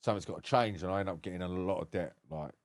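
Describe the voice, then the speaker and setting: An English man in his thirties speaks in a fairly low voice on a podcast. His talk is blunt and candid, full of swearing and quick laughs. The sound is dry and close, with no room around it. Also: no echo. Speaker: podcast guest. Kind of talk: casual podcast conversation.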